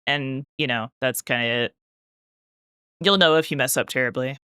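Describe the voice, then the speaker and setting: A woman streamer chats with her live viewers while she paints, telling a winding story stuffed with "like". Her voice is bright and crisp. The sound is dry and close, with no room echo. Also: a bass voice, moderate pace. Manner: rambling storytelling full of "like" fillers; talks directly to chat while painting.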